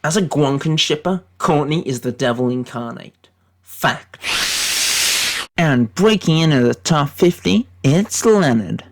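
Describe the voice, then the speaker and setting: Brief: British guy faking an American accent, gravelly, deadpan mock-serious ranking rants. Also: a little high, a little slow. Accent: put-on American accent. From Britain. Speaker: YouTube commentator. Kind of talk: satirical tier-list commentary.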